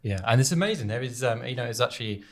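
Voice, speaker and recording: Quick-paced and expressive, the man's medium-pitched voice drives a casual, meandering podcast chat. He's the host, recording on the island of Jersey, and he keeps restarting and filling gaps as he goes.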